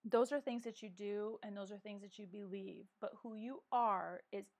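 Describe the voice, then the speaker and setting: A woman's voice: medium pitch, steady tone, moderate pace. A middle-aged woman hosting a casual live coffee chat from home, talking earnestly with many restarts and ums, on a clip-on microphone. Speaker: vlog host. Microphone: wearing a microphone.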